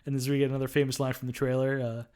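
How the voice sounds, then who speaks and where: A man's voice: medium pitch, level tone, very fast, mellow. A man co-hosting a film review podcast, casually retelling movie scenes with lots of "uh" and "um". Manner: retells scenes with frequent fillers. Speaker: podcast co-host.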